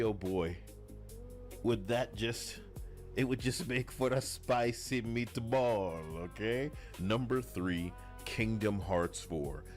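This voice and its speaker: A man hosting opinionated gaming commentary, sarcastic and rambling, with a mocking edge. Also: on the low side. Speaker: host.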